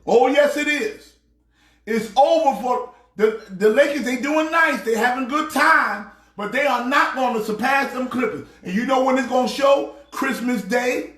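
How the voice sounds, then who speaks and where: A man doing a shouting high-pitched pastor. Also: measured pace, roomy sound. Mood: ranting. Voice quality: preachy, shouting rant. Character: loud excitable male pastor sports fan. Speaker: comedic sports pastor character. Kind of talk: comedic sports rant.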